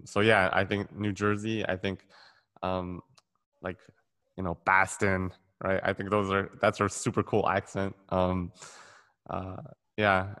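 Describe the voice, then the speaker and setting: A man hosting a casual interview, relaxed and rambling with many fillers. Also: low voice. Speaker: interview host.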